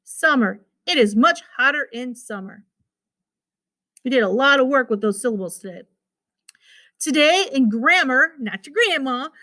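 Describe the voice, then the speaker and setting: A woman's voice: high voice, bright, forceful tone. A woman teacher giving a recorded phonics lesson to children, patiently repeating words and sounding out their syllables.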